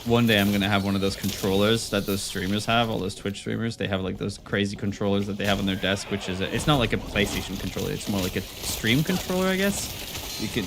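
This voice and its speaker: A man's voice: lowish voice, noisy background. A man streaming a game live, talking to himself in a rambling, playful way. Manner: rambling, playful self-talk. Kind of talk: live gameplay commentary. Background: game music.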